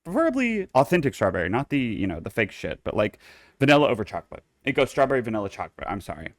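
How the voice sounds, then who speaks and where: A young man hosting a casual solo podcast, campy and playfully bossy, swearing freely and jumping into high squeals for jokes. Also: wildly swooping pitch, fast, dry recording, clean studio sound. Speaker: podcast host.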